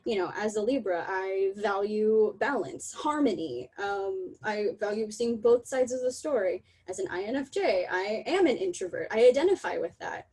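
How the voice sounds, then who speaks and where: A young woman giving a candid, emotional online talk over a video call, laughing often and apologizing in quick asides. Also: medium pitch, lively intonation, a little mellow, slightly rough, rough recording. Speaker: talk presenter.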